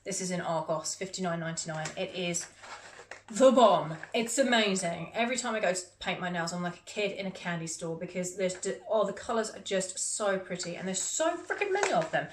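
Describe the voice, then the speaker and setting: A woman's voice: fairly low pitch, lively intonation, fairly quick. A woman vlogging about her recent purchases in a chatty, self-mocking, rambling way. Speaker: beauty vlogger. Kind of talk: casual haul chat to camera. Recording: echoey room with faint noise.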